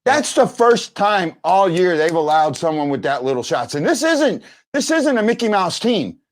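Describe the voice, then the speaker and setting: A man's voice: high-pitched, big pitch swings, moderate pace. A man hosting a sports fan show, telling stories in a rambling casual way with many restarts. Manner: rambling storyteller, restarts often.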